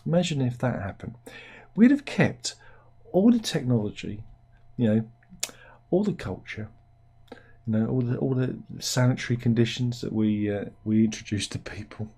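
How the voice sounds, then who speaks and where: A man's voice: medium pitch, expressive, normal speed, long pauses, dark tone, slightly rough. A man hosting a casual satirical news commentary, rambling along with wry, sardonic asides. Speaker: host.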